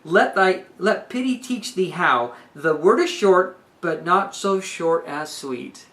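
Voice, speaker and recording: A noblewoman pleads before a king in earnest, emphatic verse, read aloud by a woman. She lands hard on key words and slows down to stress them. Her tone is bright and forward. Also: lowish voice, lively intonation. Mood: pleading. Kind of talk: dramatic reading of verse.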